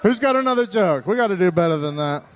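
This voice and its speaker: High-voiced man teasing a crowd. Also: expressive, fast, a little hiss or hum. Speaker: assembly emcee. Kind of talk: joking crowd banter.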